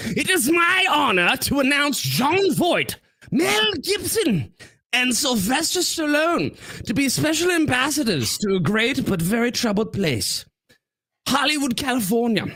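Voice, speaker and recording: A man's voice: very high-pitched, big pitch swings, measured pace, pushed and bright, dry recording, voice pushed up, full character voice. A man doing an impression of a boastful older male politician making a grandiose announcement into a headset mic. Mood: pompous. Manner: pompous, grandiose proclamation.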